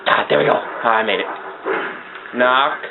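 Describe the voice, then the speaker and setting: A young man giving casual let's-play commentary, excitable and swearing as he talks to the game. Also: mid-range voice, normal speed. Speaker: gameplay commentator. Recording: tinny lo-fi mic with noise.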